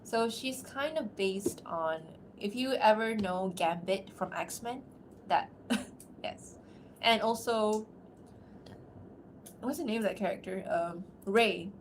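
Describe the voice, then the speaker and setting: A woman's voice: medium pitch, takes it slowly, a little hiss or hum. Chatty woman streamer who laughs often. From outside America. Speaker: streamer and voice actor. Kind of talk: casual livestream chat.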